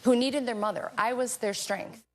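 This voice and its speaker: A woman's voice: a little high, fairly even intonation, normal speed. A woman, a mother appearing as a talk show guest, telling her story in an impassioned, indignant way. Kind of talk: emotional personal testimony.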